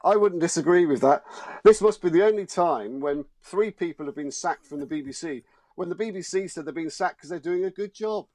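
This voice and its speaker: A man's voice: on the high side, a little fast, darkish tone, dry recording. A man, a showbiz journalist guest, arguing his point emphatically and indignantly in a studio discussion. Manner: emphatic, indignant, repeats words.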